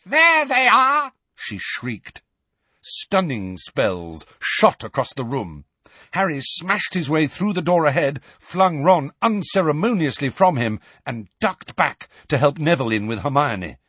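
A man's voice: on the high side, big pitch swings, unhurried, fairly bright tone, breathy edge, no room sound. A man narrating a fantasy novel as an audiobook, telling the tense story with expression. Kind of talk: scripted narration.

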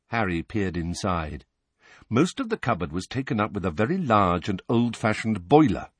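A man narrating an audiobook in an expressive, husky voice. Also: on the low side, normal speed, no echo.

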